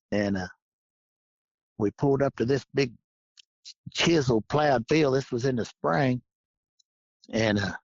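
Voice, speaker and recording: A man's voice: medium pitch, creaky, breathy edge, no echo. A man, a podcast guest telling hunting stories in a folksy, drawling way with frequent laughs. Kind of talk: casual storytelling. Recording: dull lo-fi podcast audio.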